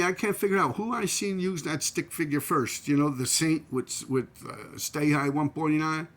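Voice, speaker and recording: A man's voice: a little high, normal speed, hardly any pauses, fairly bright tone. A middle-aged man with a New York accent, telling casual, profane stories from his graffiti days and dotting his talk with "man" and "yo". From New York City. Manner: streetwise, profane, full of "man" and "yo", laughs at his own stories. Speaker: channel host and former graffiti writer. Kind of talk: casual storytelling.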